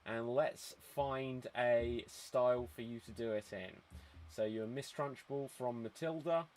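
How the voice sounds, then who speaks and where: A man hosting an online improv show over a video call, brisk and chatty, laughing often. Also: medium pitch, steady tone, darkish tone.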